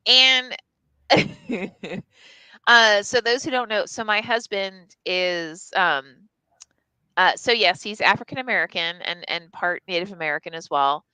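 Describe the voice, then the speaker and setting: A woman's voice: mid-range voice, unhurried, bright, forceful tone, clean tone, no echo, poor audio. A woman telling a candid personal story on a live stream, casual and profane, full of "like" and restarts. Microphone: live stream mic.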